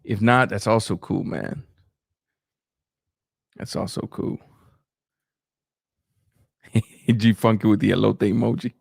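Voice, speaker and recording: A man's voice: fairly low pitch, steady tone, moderate pace, gravelly, husky, no room sound, studio quality. A man hosting a casual live stream, reacting to boxing and chatting with viewers as he reads their comments.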